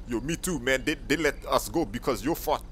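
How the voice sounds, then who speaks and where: Excitable young male gamer, street slang, role-play commentary over noisy game sound. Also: mid-range voice, a little fast. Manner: loud excitable slang-heavy street talk. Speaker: gaming YouTuber playing a character.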